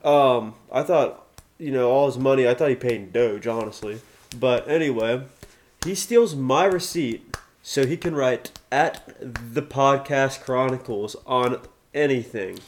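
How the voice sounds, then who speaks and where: A man's voice: mid-range voice, measured pace, slight background noise. Male podcast guest, easygoing storyteller who keeps agreeing along. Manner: storytelling, says "right" a lot. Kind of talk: casual chat.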